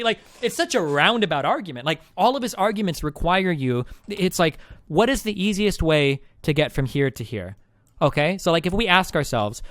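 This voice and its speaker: A man's voice: on the high side, dry recording, clean studio sound. A male streamer recapping a debate in casual, rambling talk, sarcastic and full of restarts.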